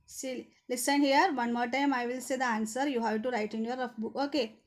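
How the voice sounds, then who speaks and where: A woman's voice: a little high, steady tone. A woman teaching a children's grammar lesson, repeating each rule and answer step by step. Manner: slow, repetitive, spells out each rule.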